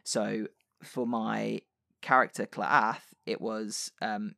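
A man's voice: on the low side, fairly even intonation, slow pace, gravelly, sharp tone, dry recording, clean studio sound. A man co-hosting a podcast, chatting casually and passing on tips with lots of fillers. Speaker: podcast co-host. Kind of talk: casual chat about tabletop role-play.

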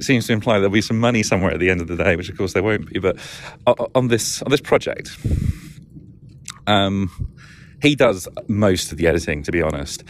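A man's voice: fairly low pitch, a little hiss or hum. A man with a Lancashire accent hosting a casual solo podcast, rambling and self-deprecating with frequent chuckles. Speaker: podcast host.

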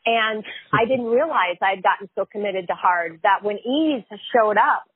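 Heavy background noise surrounds this phone-line interview, where a woman who is a chiropractor and life coach candidly recounts her story. She speaks at medium pitch and a moderate pace, emphatically, with frequent repetitions and fillers.

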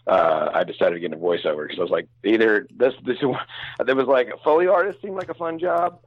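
A man's voice: lowish voice, brisk, no room sound, lo-fi sound. A middle-aged man who works as a voice actor, chatting casually and rambling with frequent laughs. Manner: easygoing, laughs often, rambling asides. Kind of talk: casual conversation.

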